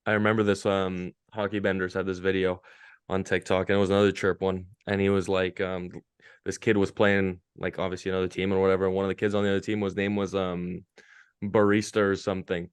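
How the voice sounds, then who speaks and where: A man telling stories as a guest on a casual podcast, energetic and full of slang. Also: sits low, fast talker, clear, resonant tone, no echo. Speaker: guest, hockey media interviewer.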